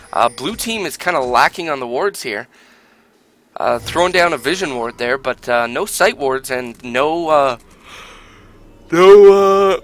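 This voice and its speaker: Male esports caster, bright tense voice, climbs loud in fights, faint hiss behind. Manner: rises loud and high in fights, many fillers. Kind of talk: solo live game commentary.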